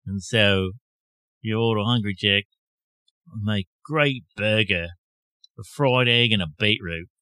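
A man's voice: on the low side, slow pace, pauses often, bright, forceful tone, smooth, dry recording. A man voicing his joking alter ego, a slangy Australian bloke, in a put-on Australian accent. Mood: jokey, matey. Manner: slangy, clipped broken phrasing.

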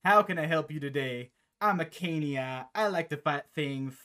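A man voicing a big, simple-minded gladiator who talks in a loud, dopey, flat way while sounding both sad and chipper. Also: on the high side, moderate pace. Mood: dopey cheerful.

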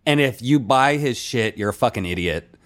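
A man co-hosting a podcast, chatting casually in a profane, animated way and laughing often. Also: mid-range voice, moderate pace. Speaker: podcast co-host. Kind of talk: casual comedic chat.

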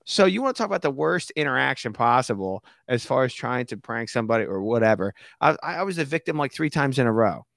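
Male podcast guest, lively storyteller who acts out other people's voices, dry close sound. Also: medium pitch, quick pace, creaky, few pauses, no echo. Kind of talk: casual storytelling chat.

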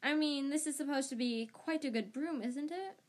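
A woman's voice: sits high, normal speed, pitched above the performer's own voice, close to an everyday voice. A woman voicing a serious, worried teenage girl witch in an amateur audiobook reading, speaking in an earnest, questioning way.

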